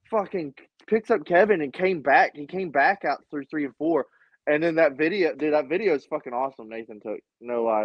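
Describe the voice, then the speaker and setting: An excitable man telling a story loosely and swearing freely, his voice a little higher than most. The sound is dry and dull, a lo-fi remote line through earbuds that drops in and out. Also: no room sound. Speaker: podcast co-host. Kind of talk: casual chat. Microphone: AirPods.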